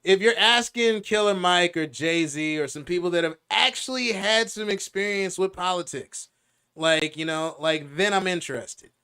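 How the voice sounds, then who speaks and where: A young man co-hosting a podcast in casual, joking chat, animated and often slipping into impressions. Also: sits high, normal speed, smooth. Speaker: podcast co-host.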